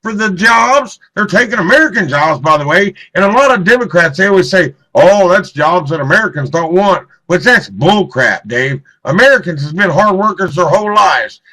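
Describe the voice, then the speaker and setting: A man with a high, bright voice hosts live talk radio. He speaks in a heated way, repeats himself, and keeps turning to his co-host by name. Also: very animated, normal speed, few pauses, low-quality recording. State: clearing throat, choked up.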